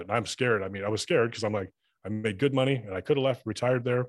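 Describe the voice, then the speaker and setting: Man, podcast guest: rapid, profanity-laced storyteller, dry close sound. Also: lowish voice, dry recording. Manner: profane, rambling anecdotes with acted-out dialogue. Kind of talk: casual storytelling chat.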